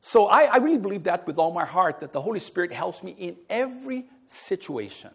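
A man preaching a sermon in a church, emphatic, swinging between loud stressed words and soft drops. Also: sits high, big pitch swings, fairly quick, slightly rough. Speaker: counselor.

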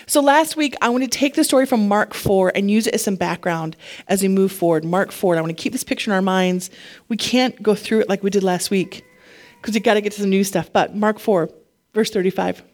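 Speaking a little fast in a mid-range voice, a woman delivers a chatty, animated sermon in a conversational style. When she gets worked up, her voice rises.

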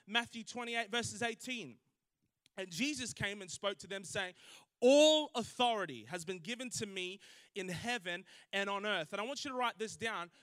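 A young man preaches, telling stories with lively energy and acting out the people in them. His voice sits high and bright. The recording is close and dry, with no room sound. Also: dry recording. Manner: animated, laughing asides, acts out quoted voices. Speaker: pastor. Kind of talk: sermon with storytelling.

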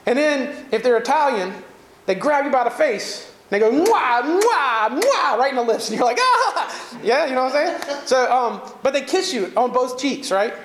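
Animated Southern preacher man, high voice. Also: moderate pace, reverberant, a little hiss or hum. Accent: Southern American. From Southern United States. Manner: animated, conversational preaching with jokes and asides. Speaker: pastor. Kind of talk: sermon.

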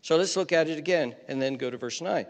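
A man preaching a sermon, stressing his points firmly and slowing right down when he reads scripture. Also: a little high, long reverb tail. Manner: emphatic, slows down hard on scripture quotes. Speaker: pastor. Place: church.

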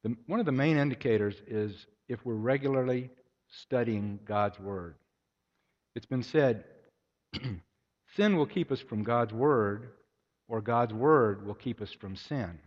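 A man preaching a sermon, telling anecdotes and acting out their voices. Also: medium pitch. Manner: storytelling, acts out voices in anecdotes. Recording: echoey hall, dull lo-fi sound.

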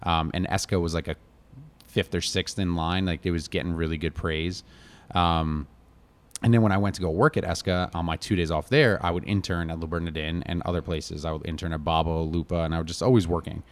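A middle-aged American man from Connecticut, a chef telling stories in a relaxed interview, rambling and full of fillers like "like" and "you know". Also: sits low, a little fast. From Connecticut, USA. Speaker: chef, guest. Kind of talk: casual storytelling interview.

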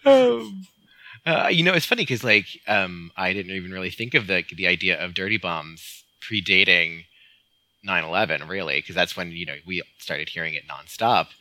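Deep-voiced man, very bright edge, rambling amused podcast co-host, dry close mic. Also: expressive, normal speed, dry recording, rough recording. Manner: rambling, many fillers, amused. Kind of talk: casual film discussion.

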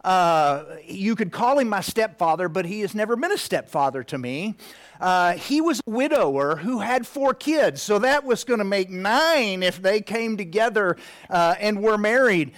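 Preacher, male, 50s, slightly higher voice, heartfelt storytelling that sinks to a hush. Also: expressive, moderate pace. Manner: heartfelt, drops to a hushed near-whisper at tender moments. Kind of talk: personal story in a sermon.

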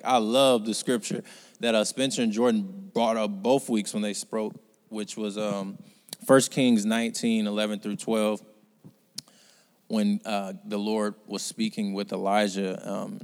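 A man preaching a sermon, speaking conversationally and sometimes rising to loud, urgent exhortation. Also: lowish voice, clean tone, big-room sound.

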